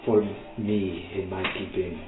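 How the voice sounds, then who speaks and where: A man as game master voicing a frail ancient woman, a weary and sorrowful timekeeper, slow, solemn and mournful. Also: low voice, fairly even intonation. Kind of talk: voicing a character in a tabletop game. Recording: echoey, tinny online call with music.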